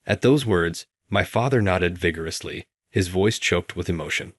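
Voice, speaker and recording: A man narrating a first-person story in a measured scripted reading. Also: sits low, no room sound, studio quality.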